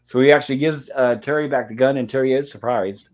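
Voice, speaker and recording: A man at a mid-range pitch hosts a live panel movie review. He retells the film step by step, reading lines aloud as the scenes play. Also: fast. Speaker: host.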